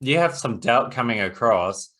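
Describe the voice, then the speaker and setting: A man's voice: medium pitch, expressive, moderate pace, a bit bright. A man hosting a podcast, talking in a casual, encouraging way and offering suggestions. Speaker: podcast host. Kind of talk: conversational interview.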